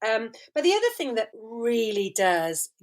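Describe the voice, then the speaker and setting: A woman with a high voice rants in mock exasperation as a podcast guest. Her pitch leaps and swoops as she builds each comic complaint. The chat stays casual and full of laughter. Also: measured pace. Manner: animated, exasperated ranting with mock indignation.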